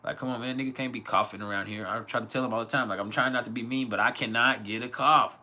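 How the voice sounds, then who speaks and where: A man's voice: mid-range voice, fairly even intonation, quick pace, bright, forceful tone. A man hosting an astrology livestream Q&A from home, talking in loose, profane, rambling rants with laughs. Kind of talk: casual livestream chat and Q&A.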